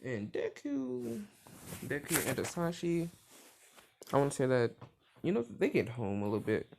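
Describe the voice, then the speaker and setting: A man's voice: medium pitch, big pitch swings, moderate pace, creaky, a little mellow, slight background noise. A young man casually retelling a fan story, rambling with lots of filler words and profanity.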